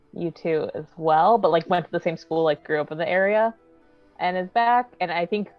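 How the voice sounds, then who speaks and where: A woman casually describing her character for a tabletop game, easygoing and thoughtful. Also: low voice. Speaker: game player. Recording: dull, dry lo-fi mic.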